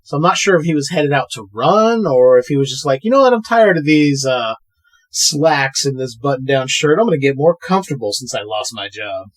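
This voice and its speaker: A man co-hosting a podcast, casually recapping a film scene by scene and acting out characters' lines in quick put-on voices. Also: mid-range voice. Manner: retells scenes with animated quoted voices. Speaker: podcast co-host. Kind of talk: casual movie recap chat.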